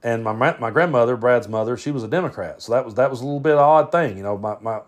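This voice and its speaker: A man in his forties tells stories on a podcast, with a voice of middle pitch. He rambles, restarts his sentences and chuckles along the way. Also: fast talker. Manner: rambling, self-interrupting, chuckling. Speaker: podcast host. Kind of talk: casual storytelling.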